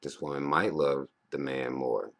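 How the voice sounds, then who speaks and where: A man in his thirties giving a profane, rambling casual monologue as a vlogger, breaking into loud animated outbursts. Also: a bass voice, unhurried. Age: 30s.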